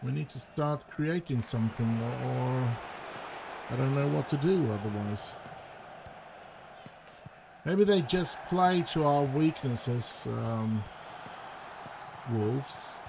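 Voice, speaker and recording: His voice is mid-range, slow, and gravelly, with long pauses and noise in the background. He's a gaming YouTuber doing relaxed let's-play commentary on a football management game, hesitant and talkative, livening up when chances appear and erupting with excitement at goals.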